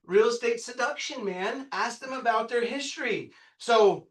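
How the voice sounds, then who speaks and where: Excitable high-voiced man yelling in a workshop. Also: moderate pace. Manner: excitable, loud, bursts into yelling; quizzes the audience, punchy and profane. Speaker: real estate sales trainer. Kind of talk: live workshop talk to a room. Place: meeting room with a live audience. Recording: echoey room, picked up from a distance.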